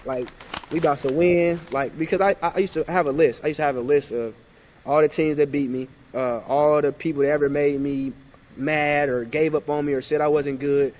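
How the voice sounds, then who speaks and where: A man's voice: on the high side, brisk. A man in his thirties, a former point guard, telling stories in a casual podcast interview and acting out old conversations. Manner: animated, acts out past conversations.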